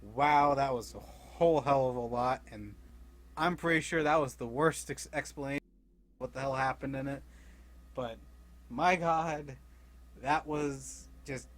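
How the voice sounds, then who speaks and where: A man's voice: medium pitch, fairly bright tone, a little hiss or hum. A young man casually recapping a comic series, rambling with frequent laughs and loosely acting out the characters' lines. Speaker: comic book recap creator.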